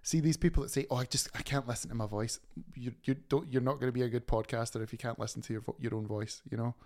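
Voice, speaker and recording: A man's voice: medium pitch, steady tone, fast, darkish tone. A man co-hosting a podcast, rambling casually with lots of fillers. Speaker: podcast co-host. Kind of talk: casual chat.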